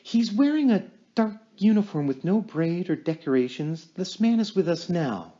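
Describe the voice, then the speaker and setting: A man's voice: high voice, sing-song, moderate pace, dark tone, muffled recording, voice pushed up. A man reading an audiobook voices a woman psychic medium in a trance, speaking with an urgent, pleading cadence. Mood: solemn.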